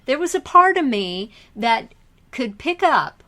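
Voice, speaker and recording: A woman co-hosting a podcast, a hypnotherapist telling stories from her own sessions in a measured, reflective way. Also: high-pitched, sing-song, pushed and bright. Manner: thoughtful storyteller, measured and reflective. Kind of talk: casual podcast chat.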